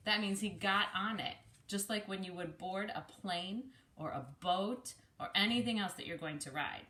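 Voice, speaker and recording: A speech-language pathologist in her forties reads a picture book aloud and patiently explains its vocabulary words. Her voice is bright and clear, and it is set in a room with a noticeable echo. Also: mid-range voice, moderate pace, hardly any pauses. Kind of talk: read-aloud with vocabulary teaching. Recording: echoey room.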